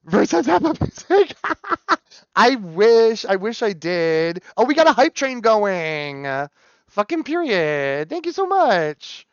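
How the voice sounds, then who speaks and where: A man chatting on a live stream, excitable, swearing and repeating words in quick runs. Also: high voice, no room sound. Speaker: variety streamer. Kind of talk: casual live stream chat. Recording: dull lo-fi stream audio.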